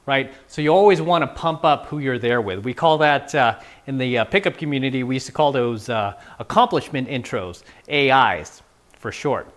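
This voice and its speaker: A man's voice: mid-range voice, expressive, normal speed, a bit bright. A man giving casual, playful dating advice, now and then acting out quoted lines. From San Francisco. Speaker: dating coach. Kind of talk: casual instructional talk.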